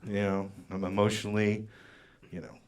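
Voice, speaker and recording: A man doing a stand-up comedy set on stage in a comedy club, with wry, deadpan asides that trail off. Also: lowish voice, moderate pace, slight background noise.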